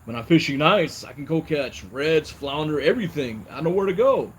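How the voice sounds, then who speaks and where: A man's voice: a little high, lively intonation, moderate pace, a little hiss or hum. A young man, host of a fishing channel, talking casually in a personal vlog, rambling and repeating "you know" as he talks.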